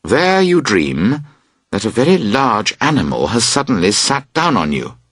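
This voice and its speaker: Man, storybook narration, slow, husky, lively pitch, dry close sound. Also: dry recording. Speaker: audiobook narrator. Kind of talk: scripted narration of a graded reader.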